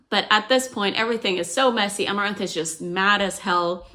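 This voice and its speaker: A woman's voice: mid-range voice, a little fast. A woman retelling a novel's plot in a casual, chatty way, with lots of "like" and "you know". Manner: chatty and animated, heavy use of "like" and "you know". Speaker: book explainer.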